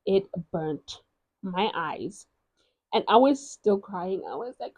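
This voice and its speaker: A woman's voice: mid-range voice, expressive, takes it slowly, a little mellow, dry recording. A woman from South Africa chatting casually and expressively as a book reviewer, talking about books at home. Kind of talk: casual chat. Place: at home, in a gown.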